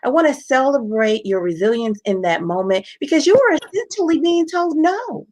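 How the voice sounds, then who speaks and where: A woman's voice: high voice, very animated, moderate pace, darkish tone, no room sound. A woman life coach hosting an interview, affirming and encouraging her guest.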